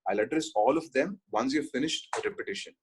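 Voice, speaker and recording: A man's voice: mid-range voice, animated, quick pace, a little hiss or hum. A man teaching an exam-prep class, telling stories and often checking that students follow. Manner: storytelling with frequent check-ins. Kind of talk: online exam-prep lecture.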